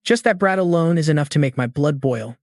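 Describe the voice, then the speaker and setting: A man's voice: on the high side, animated, a little fast, no room sound, clean studio sound, natural voice. A man reading as a scornful old clan elder. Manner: scornful, threatening. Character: contemptuous old male dragon clan elder.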